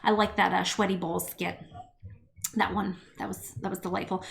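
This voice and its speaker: A woman's voice: mid-range voice, little pitch movement, moderate pace, gravelly, poor audio. Bubbly, chatty mother hosting a cooking stream. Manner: bubbly and chatty, reads viewer comments, talks to her toddler. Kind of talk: casual livestream chat while cooking. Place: home kitchen.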